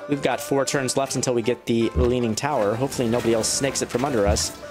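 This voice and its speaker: A man giving casual, chatty commentary on his gameplay. He talks straight to the game's units and jumps up in pitch when he gets excited. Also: fast, over music. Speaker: let's play gamer.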